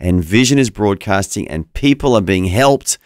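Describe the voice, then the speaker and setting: An Australian man co-hosting a breakfast radio show in a studio, chatting in an upbeat, quick way. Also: fairly low pitch, animated, a little mellow, dry recording. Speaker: radio co-host. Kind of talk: casual breakfast radio chat. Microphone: studio microphone.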